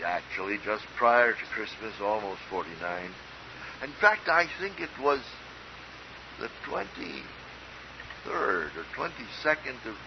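A man's voice: mid-range voice, creaky. An older man from Minnesota preaching a sermon in an earnest, emphatic way, with storytelling asides. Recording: dull lo-fi recording with faint hiss.

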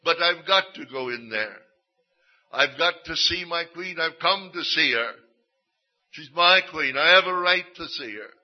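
A man's voice: fairly high pitch, lively intonation, measured pace. Pleading East London boy of eleven, put on by a male preacher, lo-fi. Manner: earnest, pleading. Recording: dull lo-fi sermon recording.

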